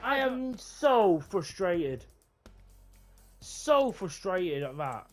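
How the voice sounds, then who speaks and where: A gaming YouTuber talks over his own football match, shouting his reactions at the game. He rambles and restarts his sentences as he goes. Faint game music plays underneath. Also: sits high, very animated, extremely slow. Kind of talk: live gameplay commentary and wrap-up chat.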